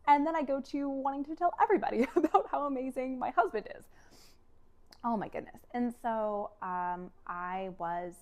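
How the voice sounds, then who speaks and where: A woman vlogger telling a personal story, animated and emotional, with many fillers and acted-out quotes. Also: on the high side.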